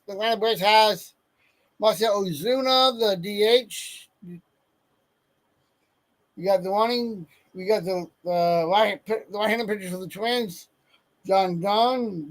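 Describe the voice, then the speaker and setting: A high-pitched man hosts a casual sports podcast, reading off a list of names. He often stumbles over the player names and corrects himself, and the audio is poor.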